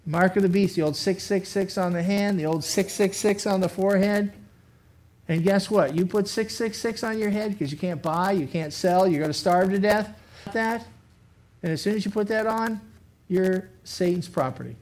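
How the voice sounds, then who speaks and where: A pastor preaches a sermon in an animated, conversational way. The man slips into short acted-out voices of imagined speakers, and the recording has some faults. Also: high-pitched, moderate pace.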